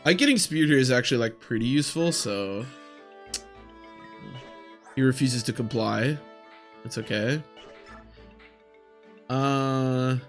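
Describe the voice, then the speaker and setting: Rambling young gaming streamer. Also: male voice, mid-range voice, fairly bright tone. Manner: rambling, self-talking. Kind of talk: casual game commentary.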